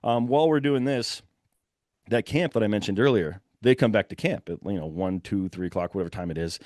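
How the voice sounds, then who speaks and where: A young man telling a hunting story in a lively, casual way, acting out the shouts of the people in it. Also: fairly low pitch, a little fast, dry recording, studio quality. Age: young adult. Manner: animated, breathless retelling with quoted shouts.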